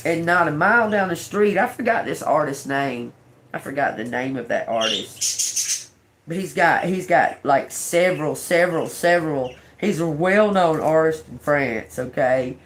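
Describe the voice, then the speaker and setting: A woman's voice: low voice, expressive, measured pace, a little hiss or hum. A woman hosting a casual livestream as a tarot reader, rambling emphatically and talking straight to her viewers. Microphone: phone or webcam livestream.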